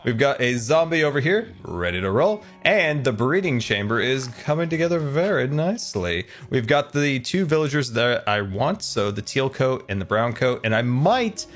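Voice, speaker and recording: A man giving commentary on his own Minecraft gameplay, swinging between frantic high-pitched panic and relaxed explanation. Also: normal speed, few pauses, soft background music. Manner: panicky, squealing, laughing while playing. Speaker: Minecraft YouTuber.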